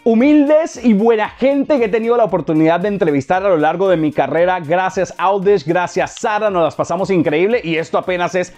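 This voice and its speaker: A man's voice: high-pitched, quick pace, hardly any pauses, darkish tone, faint music behind. A man presenting a TV entertainment show in an upbeat, promotional way. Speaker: show host. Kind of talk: scripted TV presenting.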